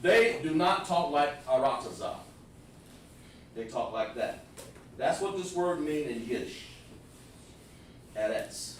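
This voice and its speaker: A man's voice: a little high, expressive, a little slow, long pauses, slight background noise. A man teaching a scripture class. He explains the meaning of words step by step and talks directly to the people listening. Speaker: religious teacher. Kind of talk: live-streamed scripture class. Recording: very echoey room, far from the mic.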